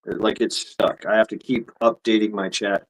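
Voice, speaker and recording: A man's voice: on the low side, level tone, normal speed, poor audio. A man hosting a live stream, telling crude jokes in a loose, profane way and laughing at his own punchlines. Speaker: streamer host.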